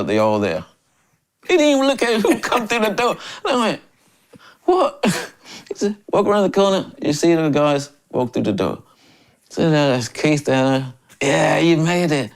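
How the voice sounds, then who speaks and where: An older man in his sixties from Memphis, a drummer and interview guest, telling stories in a lively way, often laughing and acting out other people's lines. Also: a little high, gravelly. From Memphis, USA. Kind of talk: casual storytelling interview.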